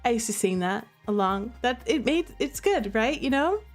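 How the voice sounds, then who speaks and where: A woman's voice: fairly high pitch, lively intonation, normal speed, faint music behind. A woman streamer in casual chat at home, playful and giggly as she chats with her pets and coaxes them. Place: room at home.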